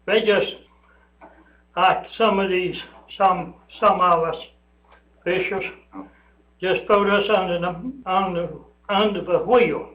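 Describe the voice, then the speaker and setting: An older man with a high, thin voice speaks slowly and haltingly, airing a complaint and circling back over the same points. He sounds roomy and dull, as if picked up in an echoey county meeting room on a lo-fi recording. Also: fairly even intonation. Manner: rambling, aggrieved, repeats himself. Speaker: public commenter at county meeting. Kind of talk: public comment at a meeting.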